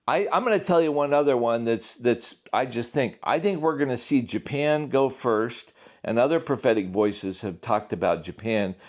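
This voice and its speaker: A man, an author, speaking casually and emphatically in an unscripted monologue. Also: medium pitch. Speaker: author and prophecy commentator.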